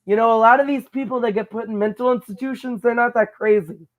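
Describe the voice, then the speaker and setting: High-voiced rambling man, improvising. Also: steady tone, fast talker. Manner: rambling, stammering, acts out silly characters. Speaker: podcast co-host. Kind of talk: improvised comedy chat.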